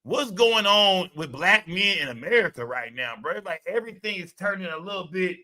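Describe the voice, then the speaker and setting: A man hosting a livestream, loud and profane, reacting to his chat in casual commentary. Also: high-pitched, animated, brisk. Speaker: livestream host.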